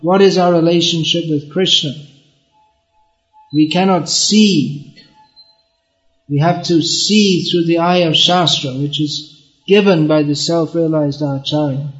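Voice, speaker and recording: A man's voice: fairly high pitch, steady tone, a little slow, long pauses, fairly bright tone, muffled recording, soft background music. A man giving a devotional lecture in an earnest, explaining way, often repeating words as he goes. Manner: chants verses in Bengali. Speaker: spiritual teacher.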